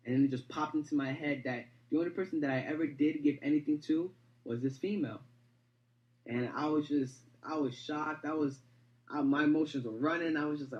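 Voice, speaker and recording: A man's voice: on the high side, steady tone, brisk, muffled recording. A young man telling his story in a casual interview. He rambles, repeats words, and leans on fillers like "you know.". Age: young adult.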